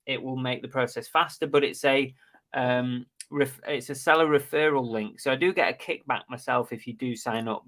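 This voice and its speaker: A man's voice: medium pitch, a bit bright. A middle-aged man, hosting a casual live stream chat about reselling and plugging giveaways. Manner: chatty, plugs links and giveaways. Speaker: live show host.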